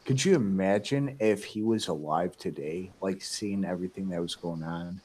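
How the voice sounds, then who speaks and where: A man's voice: low voice, moderate pace, a little mellow, slight background noise, low-quality recording. A man in casual chat who shares odd trivia and swears casually.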